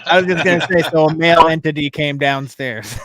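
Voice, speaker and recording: A man's voice: fairly high pitch, fairly quick, a loud crowd. A man hosting a podcast, asking his guests curious questions in a casual way. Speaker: podcast host.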